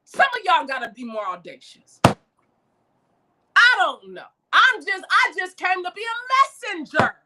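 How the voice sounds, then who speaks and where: A woman giving a preacherly motivational talk, calling listeners baby and swinging from shouts to hushed lines. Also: very high-pitched, very animated, normal speed, heavy background noise. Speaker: motivational speaker.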